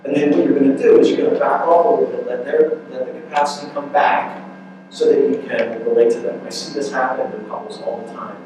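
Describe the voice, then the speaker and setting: A man's voice: mid-range voice, little pitch movement, quick pace, a little mellow. Man talking in an echoey hall. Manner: conversational, repeats words, asks "right?" often. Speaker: workshop speaker, counselor. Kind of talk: relationship workshop talk. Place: large room at a church youth ministry event. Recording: echoey hall from far off, faint noise.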